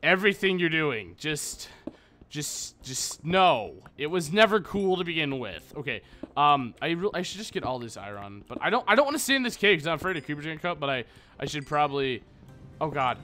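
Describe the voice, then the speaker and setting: A man's voice: on the high side, sing-song, fairly quick, bright, forceful tone. Goofy, rambling young man playing a game. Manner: goofy, rambling, jokey asides to viewers. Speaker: gaming channel host. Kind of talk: casual let's play commentary. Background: faint background music.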